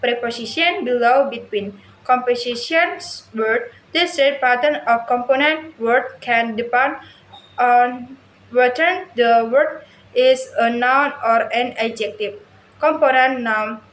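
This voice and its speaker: Woman, slow halting reading aloud, fairly high voice, echoey room, faint background hum. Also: a bit bright. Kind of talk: reading a class presentation aloud.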